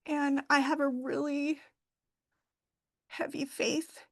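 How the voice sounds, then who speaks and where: A middle-aged woman, a funeral director, talking heartfelt about her work and faith with many pauses and fillers. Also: high voice, level tone, gravelly, a bit bright, no room sound. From Idaho. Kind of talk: emotional interview talk.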